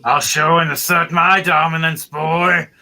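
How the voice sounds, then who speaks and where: A man voicing a grumpy, angry male dwarf in a tabletop game, gruff and blustering. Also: a little high, flat delivery, a little slow, over music, voice pushed up. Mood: threatening. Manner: gruff, blustering, old-fashioned speech.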